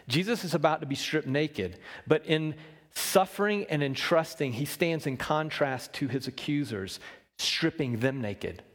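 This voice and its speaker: A man preaching a sermon, shifting between loud emphasis and hushed low lines and asking the congregation questions. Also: in a large hall. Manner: talks with the congregation, asks them questions. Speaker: pastor.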